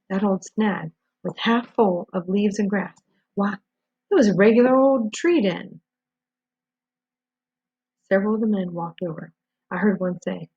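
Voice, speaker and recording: A woman reads a novel aloud in a husky voice, keeping a steady storytelling pace with small slips and restarts. The recording is dull and lo-fi. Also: mid-range voice, a little slow, pauses often, no echo. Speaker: reader.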